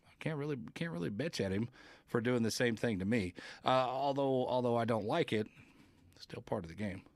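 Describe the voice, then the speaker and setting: A man's voice: mid-range voice, animated, a little fast, no room sound. A man hosting a podcast, rambling through casual gaming talk, reading viewer comments and swearing now and then. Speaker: podcast host.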